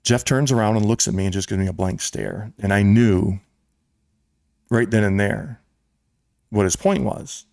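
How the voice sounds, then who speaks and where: American guy on a podcast telling a story, lowish voice, dry sound. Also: moderate pace, gravelly, pauses often, no echo. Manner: animated storyteller, voices quoted people. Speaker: show host and club president. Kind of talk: storytelling in casual podcast chat.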